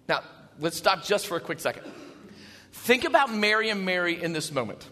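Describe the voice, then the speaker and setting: A man preaching an Easter sermon in a church, animated, dropping to a hush and then rising to shouts. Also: sits high, a little fast, big-room sound. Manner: animated, shifts between hushed and shouting. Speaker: pastor. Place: church sanctuary.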